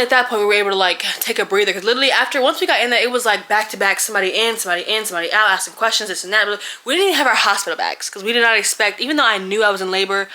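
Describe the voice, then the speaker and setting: A young woman, telling a story to camera in a casual, animated way. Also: medium pitch. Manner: animated, expressive storytelling with laughs and quoted voices. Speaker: vlogger.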